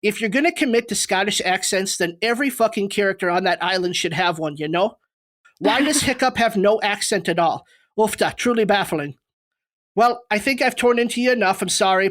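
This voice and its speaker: A man's voice: sits high, brisk, fairly bright tone. Guy putting on a minnesota accent that drifts irish, folksy and fake-outraged, reading a letter. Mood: mock-indignant. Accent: attempted Minnesotan, slipping toward Irish. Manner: mock-indignant, folksy. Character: man mimicking a thick Upper Midwest accent, letter-writing. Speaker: podcast host reading a comic letter.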